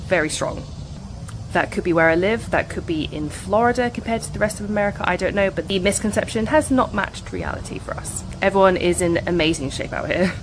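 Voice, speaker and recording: A woman's voice: mid-range voice, low-quality recording. A woman from Britain talking to camera in a casual vlog, confidently listing her points one by one. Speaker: vlogger.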